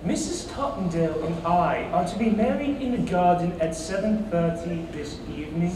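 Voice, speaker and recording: A woman's voice: fairly low pitch, animated, normal speed, noisy background, close to an everyday voice. A girl playing a stiff formal butler. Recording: echoey auditorium from far off.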